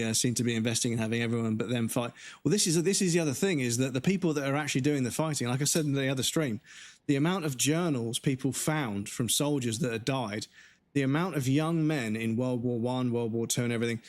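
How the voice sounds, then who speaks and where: Hoarse, swearing man ranting. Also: mid-range voice. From United Kingdom. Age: 40s. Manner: angry, swearing, halting restarts. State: voice going hoarse. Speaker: livestream gamer. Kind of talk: casual livestream rant.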